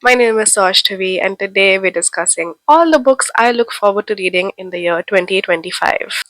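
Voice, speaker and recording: A woman's voice: mid-range voice, animated, brisk, fairly bright tone, no echo, poor audio. A young woman from India with a head cold, chatting to camera as a book vlogger in an enthusiastic, gushing way. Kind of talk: casual chat to camera.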